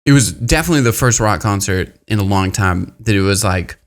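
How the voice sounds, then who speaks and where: A man hosting a casual podcast, telling stories in an animated way and restarting his sentences as he goes. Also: fairly low pitch, brisk, hardly any pauses. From Pacific Northwest, US. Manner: animated storyteller, trailing restarts. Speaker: podcast host. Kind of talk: casual chat, storytelling.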